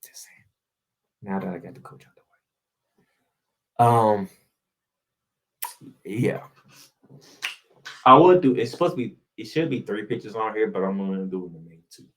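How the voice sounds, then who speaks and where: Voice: mid-range voice, animated, moderate pace, long pauses. A sports show host delivering a heated solo rant, sarcastic and casual, firing off rhetorical questions and repeating points for emphasis.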